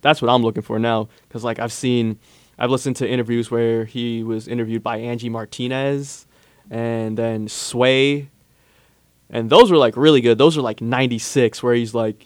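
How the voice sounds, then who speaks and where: A young man chatting casually as a student podcast co-host, animated and quick to slip into playful impressions. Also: mid-range voice, no echo. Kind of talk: casual chat.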